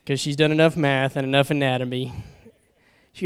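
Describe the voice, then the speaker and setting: A middle-aged man preaching a sermon, telling personal stories and moving between hushed, confessional moments and loud, urgent ones. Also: medium pitch, steady tone, normal speed, pauses often, clear, resonant tone.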